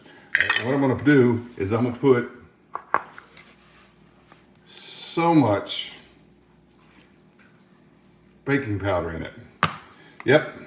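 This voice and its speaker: A man's voice: on the low side, background noise. A man casually talking through a home cooking demonstration, rambling along with folksy, joking asides. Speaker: home cook hosting a cooking channel. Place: home kitchen, indoors. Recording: echoey kitchen with clattering pots.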